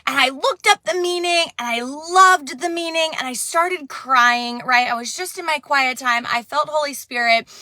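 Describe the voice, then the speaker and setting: Lively bright-voiced woman storyteller. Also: sits high, no room sound, clean studio sound. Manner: animated, expressive, acting out quoted voices. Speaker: vlogger. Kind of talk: casual storytelling.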